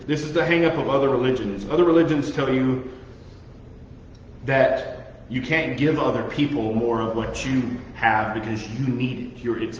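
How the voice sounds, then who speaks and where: In a muffled, echoey hall recording with a faint hiss or hum, a young youth pastor with a medium-pitched voice gives a relaxed Bible teaching. He keeps it conversational, throwing questions to his listeners and joking at his own expense.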